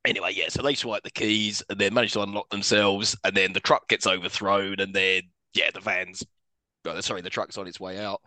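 A man's voice: low-pitched, flat delivery, a little fast, sharp tone, no room sound. A man co-hosting a casual film-review podcast, recapping the plot with laughing asides. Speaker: podcast co-host.

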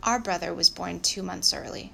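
A woman's voice: fairly low pitch, moderate pace, vocal fry, a little hiss or hum, heavily acted. Woman doing a blunt scruffy girl. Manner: flat, blunt, matter-of-fact.

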